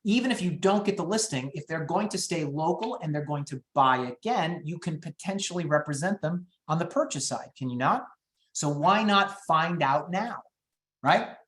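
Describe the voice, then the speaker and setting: A man coaching real estate agents on phone scripts, talking fast and upbeat and acting out the calls. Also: animated, a bit bright, roomy sound. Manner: high-energy, quick, acts out phone calls. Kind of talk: teaching sales scripts in a webinar.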